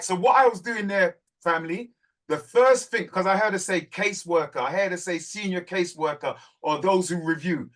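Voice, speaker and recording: Hosting a community group call, a man with a high-pitched voice speaks fervently in a live group talk, urging his listeners on in a preacherly way and repeating words for emphasis.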